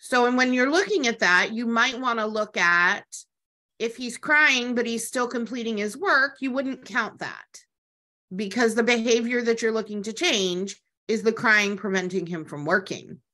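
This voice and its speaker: A woman's voice: fairly high pitch, normal speed, bright, forceful tone. A woman co-leading an online parent workshop, asking the group questions and explaining. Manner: guiding, asks questions of the group. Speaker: workshop co-facilitator.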